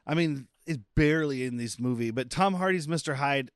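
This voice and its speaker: A man's voice: a little high, fairly quick, smooth, dry recording, studio quality. A man co-hosting a casual movie-review podcast, joking and swearing as he rambles through his points. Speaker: podcast co-host.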